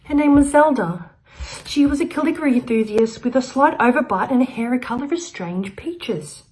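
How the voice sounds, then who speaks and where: A woman giving a comic spoken-word performance, rambling through an absurd story with frequent laughs, loud shouts and quiet muttered asides. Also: sits high, lively intonation, moderate pace. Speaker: open-mic performer.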